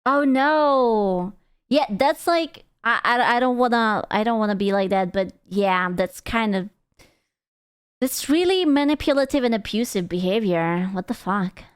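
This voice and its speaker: A woman streamer giving casual, excitable reaction commentary, giggly and blunt with her swearing. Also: medium pitch, normal speed, smooth, no echo, studio quality. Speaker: VTuber streamer reacting to a video.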